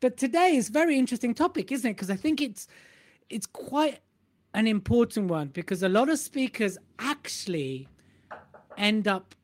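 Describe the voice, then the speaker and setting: Energetic teasing male podcast host. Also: very high voice, normal speed. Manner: energetic, teasing, sing-song asides. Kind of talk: casual banter.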